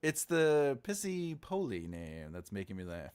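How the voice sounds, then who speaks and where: Giggly, animated male livestream host. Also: medium pitch, measured pace, smooth. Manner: playful, giggly, teasing chat. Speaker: writing channel host. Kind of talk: casual livestream chat.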